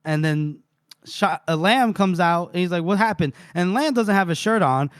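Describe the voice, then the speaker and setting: A man's voice: high voice, moderate pace, smooth, dry recording. A man retelling a novel with relish, in a dry close sound. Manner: animated retelling, reading out and voicing quotes. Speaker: podcast co-host. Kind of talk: casual book-recap chat.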